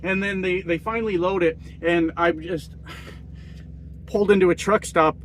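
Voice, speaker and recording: A middle-aged truck driver rambles through stories in a casual, profane monologue, acting out the people he quotes in a raised voice. His voice is high-pitched and steady at a normal speed, with a little hiss or hum in the background.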